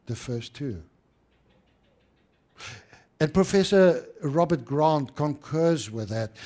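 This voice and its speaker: A man preaching a sermon as pastor, rising to emphatic stress and dropping to hushed tones. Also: medium pitch.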